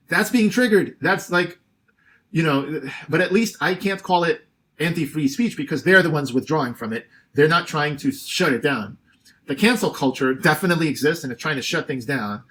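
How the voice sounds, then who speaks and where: A man's voice: medium pitch, fairly bright tone. Rambling man giving casual commentary. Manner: rambling, hesitant, with many fillers.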